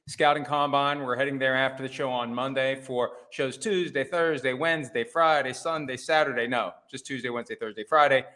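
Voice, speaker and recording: A man's voice: medium pitch, fairly bright tone. A middle-aged man hosting a solo sports talk show, wry and conversational with punchy emphasis and self-deprecating asides. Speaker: host.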